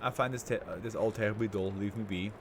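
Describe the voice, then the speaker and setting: A man's voice: on the low side, fairly even intonation, fast talker, slight background noise, natural voice. A man voicing an arrogant male tycoon who is a brain in a jar, speaking in a grandiose, contemptuous way. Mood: haughty.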